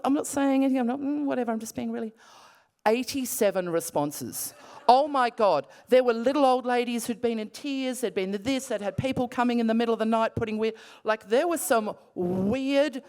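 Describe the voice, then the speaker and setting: A middle-aged Australian woman retelling a personal story in an animated, breathless way, full of restarts. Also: on the high side. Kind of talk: casual spoken storytelling.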